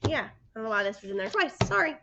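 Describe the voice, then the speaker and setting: Woman, first grade teacher; slow, patient phonics delivery, slightly higher voice, dull lo-fi recording. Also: sing-song, noisy background. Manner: slow, patient, sounds out letters and prompts the children. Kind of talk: phonics lesson for young children. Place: indoors by a sunny window.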